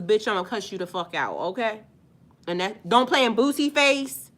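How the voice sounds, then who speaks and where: A woman's voice: mid-range voice, expressive, normal speed. A woman working as a spiritual life coach, ranting in a heated, profane, emphatic vlog monologue.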